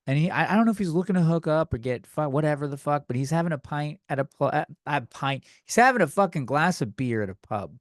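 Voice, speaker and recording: Lively, profane male podcast host. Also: a little high, quick pace, few pauses, no room sound, studio quality. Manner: blunt, profane, rambling with restarts. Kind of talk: comedic podcast monologue.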